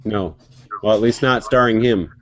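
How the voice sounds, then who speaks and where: A web show host runs a casual online talk show over a video call, rambling and joking in a lively way as he chats. His voice is on the low side at a normal speed.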